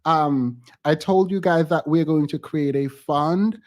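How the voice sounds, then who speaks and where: A man ends his live stream chatting casually, his gratitude showing as he hesitates and seems on the verge of tears. He speaks on the high side.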